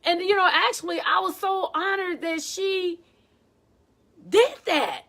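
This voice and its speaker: A woman choir director giving a casual, animated teaching talk and acting out quotes as she tells stories. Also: extremely high pitch, measured pace. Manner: animated storytelling with acted quotes.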